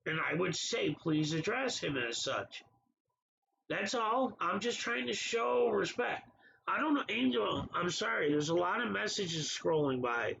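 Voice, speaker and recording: A man's voice: high voice, animated, a little slow, vocal fry, sharp tone, dull audio, slight background noise. A man hosting a casual livestream, talking back to viewers in the chat by name in an exasperated way. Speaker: livestream host.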